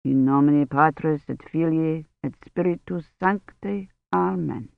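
A reader voicing a gentle, solemn medieval priest who murmurs Latin prayers slowly. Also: mid-range voice, creaky, no echo, pitched below the performer's own voice. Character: gentle solemn medieval male priest giving last rites. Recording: dry tinny phone-like audio.

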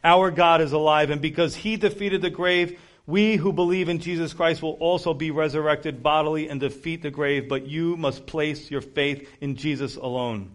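A man preaching an earnest, urgent evangelistic sermon. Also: on the high side.

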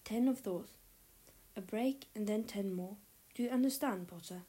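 A woman putting on a brisk, stern school matron from a storybook, giving crisp instructions. The voice sits a little higher and firmer than the narration, with a mellow, warm tone. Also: steady tone, close to an everyday voice. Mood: instructive.

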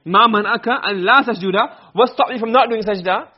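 Brisk, husky-voiced male teacher, on a muffled lo-fi recording, drilling students with questions. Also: sits high. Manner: quizzing students with quick questions. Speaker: Arabic grammar teacher. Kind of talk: classroom lesson.

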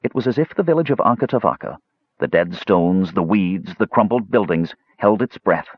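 A man reading a fantasy novel aloud as an audiobook narrator, expressive and dramatic, in a slightly muffled recording. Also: sits low, moderate pace, slightly rough, no echo.

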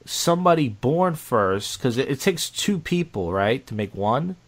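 A young man co-hosting a podcast in casual chat, rambling and halting with many restarts and fillers. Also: medium pitch, sing-song. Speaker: podcast co-host.

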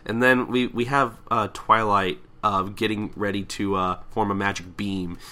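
A young man chats casually on a podcast, walking through a comic. His voice is very bright, and he jumps into playful impressions of the characters between bursts of laughter. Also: on the low side, normal speed. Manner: animated, acts out character lines with laughter. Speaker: podcast co-host. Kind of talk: casual chat recapping a comic.

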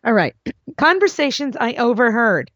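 A woman's voice: a little high, big pitch swings, normal speed, a bit bright, dry recording. A woman hosting an advice show in a casual monologue, blunt and emphatic, her voice swooping up into exclamations. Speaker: podcast host and script consultant. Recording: dull lo-fi dry recording.

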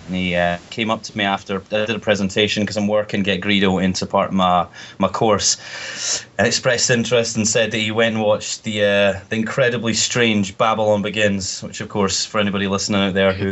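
A man's voice: on the low side, a bit bright. A young man co-hosting a casual podcast, rambling and joking with frequent restarts. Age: young adult. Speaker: podcast co-host, fan filmmaker. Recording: dull lo-fi sound.

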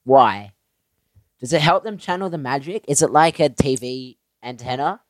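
A man's voice: mid-range voice, expressive, normal speed, no echo. A young man co-hosting a casual podcast chat, rambling through silly jokes and laughing often. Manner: rambling, jokey, giggly. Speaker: podcast co-host. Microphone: podcast microphone.

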